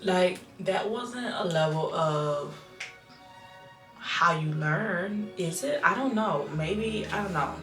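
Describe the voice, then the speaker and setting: A woman's voice: fairly low pitch, animated, takes it slowly, reverberant, music in the background. A woman in her thirties, a mother and vlogger, talking earnestly to camera and thinking aloud with restarts and repeated phrases. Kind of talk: casual reflective talk to camera.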